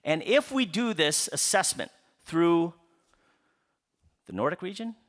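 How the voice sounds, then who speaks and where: A man gives a public book talk. His voice sits somewhat high for a man and swings widely in pitch. He asks rhetorical questions and answers them himself, with playful asides aimed at the audience. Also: very animated, unhurried, fairly bright tone. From Upper Midwest United States. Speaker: author giving a book talk. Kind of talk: public lecture to a live audience.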